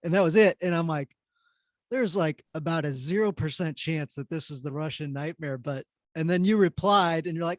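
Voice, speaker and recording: Man, podcast host, enthusiastic, slightly high voice, dry close sound. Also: moderate pace, no room sound. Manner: enthusiastic, retells his own reactions. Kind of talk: casual interview chat.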